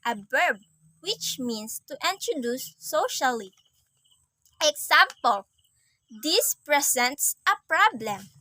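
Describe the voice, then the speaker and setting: A young woman student reading a class assignment aloud, reciting definitions and examples in a careful, measured way. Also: high voice, bright, forceful tone, no echo, rough recording.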